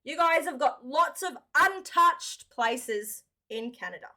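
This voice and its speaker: A woman's voice: high-pitched, lively intonation, slow pace, pushed and bright. An Australian woman hosting a reaction video, chatting upbeat and casually, calling the viewers mate.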